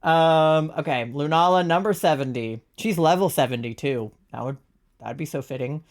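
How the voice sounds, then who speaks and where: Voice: medium pitch, normal speed. A young adult streamer from Virginia chatting casually during a live gaming stream, rambling, swearing freely and laughing often.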